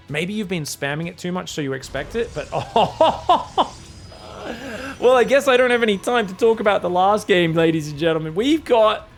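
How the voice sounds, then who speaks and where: A high-pitched man calls a live match in a put-on British accent over his native Australian one. He is jokey and excitable and keeps breaking into loud yells, with faint music playing under him. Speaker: esports caster. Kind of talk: live game commentary.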